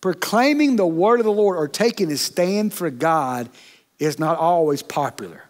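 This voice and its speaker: A man's voice: on the high side, lively intonation, moderate pace. A middle-aged man, preaching a sermon as associate pastor in a folksy manner, checking in with the congregation often. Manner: folksy, with frequent "okay?" and "amen?" asides to the congregation.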